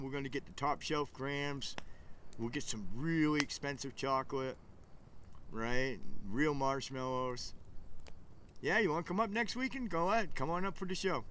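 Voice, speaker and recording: A man's voice: medium pitch, fairly bright tone, slight background noise. A man hosting a casual fireside livestream outdoors, rambling enthusiastically and talking to viewers in the chat. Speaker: livestream host. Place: outdoors by a campfire.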